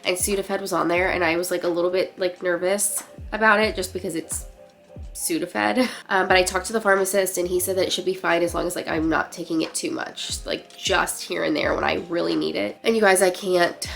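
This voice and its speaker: A young woman with a stuffy, congested voice, chatting casually and quietly in a home vlog update. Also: lowish voice, fairly even intonation, a little fast, vocal fry, faint music behind. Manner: chatty, lots of fillers like "like" and "um"; keeping her voice down. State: congested, nasal. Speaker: vlogger. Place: guest room at home.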